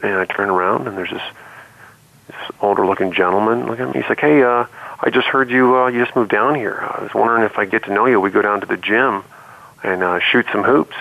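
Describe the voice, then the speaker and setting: A man's voice: fairly low pitch, fairly quick, gravelly. A man guest telling a personal story earnestly in a casual conversation, heard over a call line. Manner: earnest storytelling with many restarts. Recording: tinny phone-like line.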